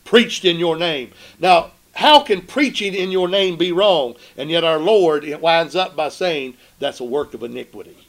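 A man preaching a sermon, emphatic, asking the congregation rhetorical questions and slowing down to read scripture. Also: a little high, fairly bright tone.

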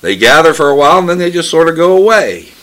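A man preaching a sermon, reading scripture slowly and solemnly, then explaining it with emphatic swells in his voice. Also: on the high side, big pitch swings, pushed and bright.

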